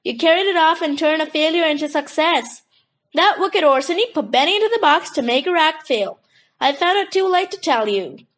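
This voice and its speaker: A woman voicing an affectionate young circus woman who speaks warmly and with feeling. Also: high-pitched, animated, normal speed, voice pushed up.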